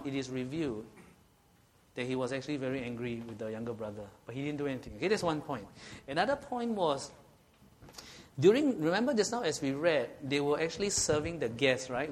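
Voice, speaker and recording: A man's voice: on the high side, a bit bright, slight background noise. A man preaching a sermon, often asking rhetorical questions and checking in with "okay?".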